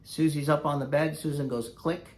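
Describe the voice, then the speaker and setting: A man's voice: on the high side, steady tone, moderate pace. A man who is a dog trainer, telling a story in a casual vlog, rambling and conversational with frequent fillers.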